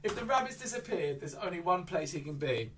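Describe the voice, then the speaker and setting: A man performing an interactive kids' magic show, playful, with exaggerated squeals and shouts. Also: a little high, sing-song, fairly quick, distant mic, very noisy. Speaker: children's entertainer.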